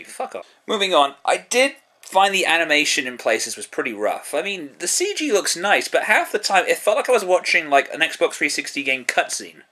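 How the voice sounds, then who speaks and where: A British man talks through a show review in a bright, fairly high voice that leaps around expressively. He is sarcastic and profane, tossing in self-deprecating jokes as he chats along casually.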